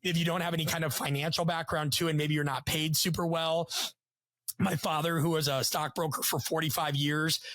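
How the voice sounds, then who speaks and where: A man who is a guest coach and author, talking quickly and with animation in a casual podcast conversation, with a self-deprecating streak. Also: on the high side, flat delivery, fairly bright tone, no room sound.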